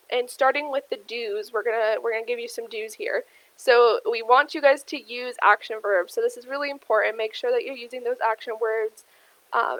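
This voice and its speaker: A woman's voice: on the high side, dry recording, poor audio. A young adult woman giving an instructional talk, explaining steadily with frequent ums and addressing the listeners as "you guys". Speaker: career workshop presenter. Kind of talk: instructional presentation.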